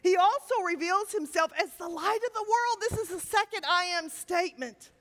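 A woman teaching a Bible sermon, telling stories with lively, sudden loud emphasis. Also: extremely high pitch, normal speed, big-room sound. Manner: animated storytelling with sudden loud emphatic lines.

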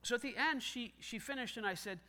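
A male pastor with a high voice delivers a conversational sermon, and his tone is very bright and sharp. He acts out snatches of dialogue as he preaches and pokes gentle fun at himself. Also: a little fast. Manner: self-deprecating humor.

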